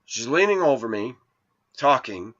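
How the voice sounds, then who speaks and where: A man's voice: mid-range voice, very animated, unhurried, fairly bright tone, lo-fi sound. A man in his forties telling a rambling personal story in an indignant, preachy way to his viewers. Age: 40s. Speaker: vlogger.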